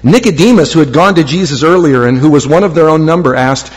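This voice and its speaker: A man's voice: fairly high pitch, quick pace, hardly any pauses, breathy edge. A man preaching a sermon as pastor, reading scripture aloud in a church and lifting key phrases for emphasis. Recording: long hall reverb.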